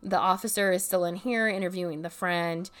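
A woman's voice: fairly low pitch, steady tone, a little fast. A woman casually telling a story from her apartment, chatty, dropping "like" constantly and swearing now and then. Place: home apartment.

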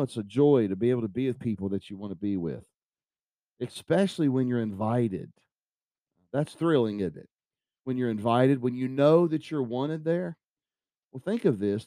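A man's voice: mid-range voice, warm tone, dry recording. A man preaching an earnest devotional sermon on a podcast, repeating phrases for emphasis.

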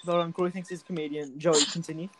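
A man's voice: a little high, level tone, fast talker, noisy background. A teenage boy, chatting on a group voice call, crude and teasing, laughing often. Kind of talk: casual chat.

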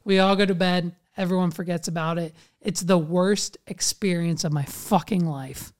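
A man hosting a casual chat, telling a story in an animated way and swearing constantly. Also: high voice, moderate pace.

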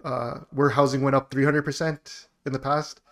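A man's voice: mid-range voice, flat delivery, moderate pace, fairly bright tone. A man hosts a loose podcast conversation with friends, speaking in a mid-range voice. He jokes around and laughs often. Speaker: podcast host. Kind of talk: casual chat.

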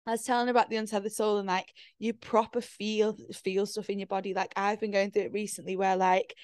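A woman's voice: mid-range voice, a little mellow, no room sound. Young woman, casual podcast chat, rambling, lots of fillers, dry close sound. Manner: rambling, many fillers, laughs often. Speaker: podcast co-host.

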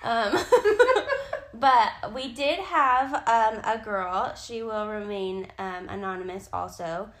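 A woman's voice: mid-range voice, slow, a bit bright. A woman co-hosting a podcast, chatting candidly, swearing freely and laughing often. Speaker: podcast co-host, photographer. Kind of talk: casual chat.

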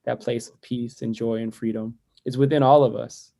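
A man, a poet and educator, speaking reflectively as a guest in a podcast interview, with many "like" fillers and a voice that drops soft and quiet when he turns inward. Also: mid-range voice, steady tone, normal speed, vocal fry.

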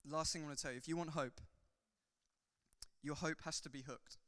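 A man who is a pastor, preaching a sermon in a church hall, swinging from loud fervor to soft, chatty asides. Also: fairly high pitch, fairly even intonation, a little fast. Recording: long hall reverb.

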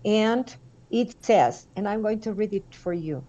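A woman from Mexico with a Mexican Spanish accent, a guest telling emotional stories in a halting, heartfelt way with many fillers. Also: medium pitch, expressive, mellow, muffled recording. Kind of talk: emotional storytelling.

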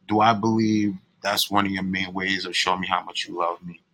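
Laid-back young man, low bright voice. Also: steady tone, a little fast, rough recording. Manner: laid-back, blunt, swears freely. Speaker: podcast co-host. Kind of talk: casual couple's podcast chat.

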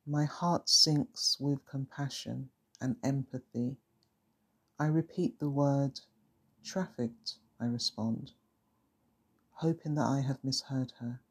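A narrator reading a first-person story in a calm, measured, reflective way. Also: medium pitch, slightly rough.

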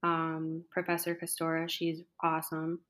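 A woman's voice: low voice, completely flat delivery, normal speed, fairly bright tone. A young woman talking casually in an interview, chatty, with lots of fillers. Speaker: interview guest, culinary school graduate.

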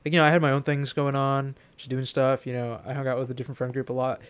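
A young man co-hosting a podcast in casual chat, joking with deadpan sarcasm. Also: medium pitch, fast, smooth. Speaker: podcast co-host.

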